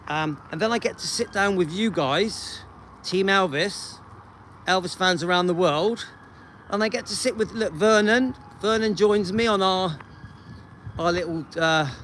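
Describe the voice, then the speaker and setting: A man's voice: high voice, fairly bright tone, a little hiss or hum, rough recording. A man hosting his own channel, talking casually and earnestly to camera, rambling and reassuring, recorded on a handheld phone. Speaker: channel host. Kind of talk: casual vlog talk to camera.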